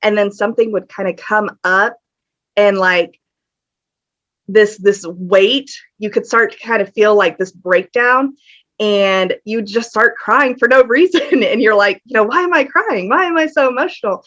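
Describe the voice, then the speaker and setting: A woman's voice: medium pitch, measured pace, fairly bright tone. Woman, earnest guest storytelling on a podcast, kinda dull lo-fi sound. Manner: candid and earnest, with many fillers. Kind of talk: casual interview storytelling. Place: home room with a fan on. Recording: dull lo-fi audio.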